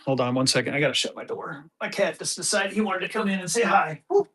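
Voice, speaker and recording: A high-voiced man from Colorado runs a live stream sale, rattling off quick, excited auction patter. He's upbeat, adds items rapid-fire, and gets excited.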